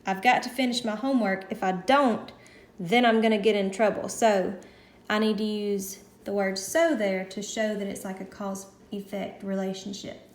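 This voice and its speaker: A woman teacher going through a recorded classroom lesson, patiently explaining each step slowly. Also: medium pitch, steady tone, echoey room.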